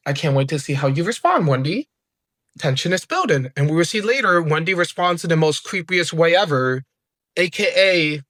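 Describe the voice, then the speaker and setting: A man recapping wrestling episodes in a casual, excitable, slangy way, acting out the wrestlers' lines as he goes. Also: fairly high pitch, no room sound. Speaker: wrestling review host.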